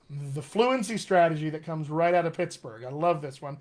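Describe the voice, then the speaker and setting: A man's voice: fairly high pitch, brisk, darkish tone. A man coaching accents in a live online session, demonstrating sounds and reading viewer comments with eager energy. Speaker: dialect coach.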